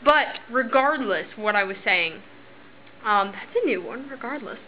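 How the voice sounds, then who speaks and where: A woman's voice: fairly high pitch, lively intonation, unhurried, slight background noise. A young woman vlogging in casual chat, rambling and voicing the people in her stories. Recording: slightly dull lo-fi recording.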